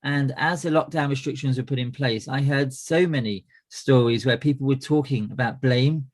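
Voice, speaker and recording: A man's voice: mid-range voice, moderate pace. A middle-aged man hosting a business coaching webinar, friendly and full of "uh" fillers and restarts. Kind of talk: presenting a webinar.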